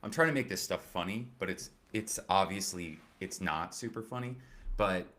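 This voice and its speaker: A man's voice: low-pitched, normal speed, a bit bright. A man hosting a comedy commentary show, rambling and sarcastic with lots of swearing and filler words. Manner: profane, rambling and sarcastic, with many fillers and restarts. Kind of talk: casual political comedy commentary.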